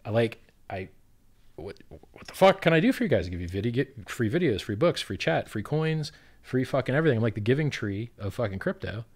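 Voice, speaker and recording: A man ranting in a casual chat, swearing constantly, with sudden loud outbursts and sarcastic mock quotes. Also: medium pitch, sing-song, fairly quick. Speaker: crypto project founder, guest.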